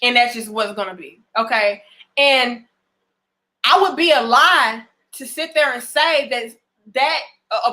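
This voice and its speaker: A woman's voice: sits high, sharp tone. A woman in giving blunt, emphatic relationship advice in a casual vlog, swearing freely and often restarting her phrases. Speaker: relationship vlogger. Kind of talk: casual direct-to-camera advice.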